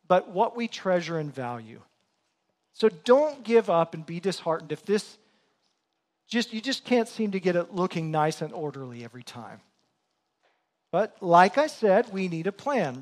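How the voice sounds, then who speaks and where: A middle-aged man preaching a sermon in a church, telling earnest, self-deprecating stories about family life. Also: sits high. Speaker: pastor.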